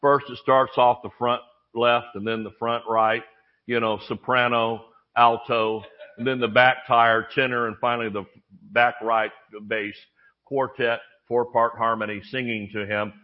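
Slightly slow and mid-range, the pastor's voice carries an animated sermon full of stories, jokes, and acted-out character voices. It's captured in dull, lo-fi audio.

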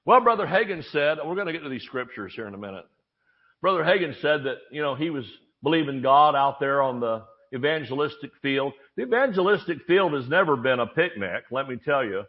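A man preaches with lively storytelling, acting out voices and dropping jokes along the way. His voice sits a little high for a man. The recording sounds dull and lo-fi, like archived church audio. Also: brisk, slightly rough. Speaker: pastor. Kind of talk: sermon.

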